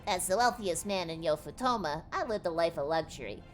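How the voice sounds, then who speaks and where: A woman's voice: on the low side, lively intonation, a little fast, soft background music, natural voice. A woman voicing a pompous, wealthy, short old man with a nasal voice while reading a game's dialogue aloud. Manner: haughty, grandiose.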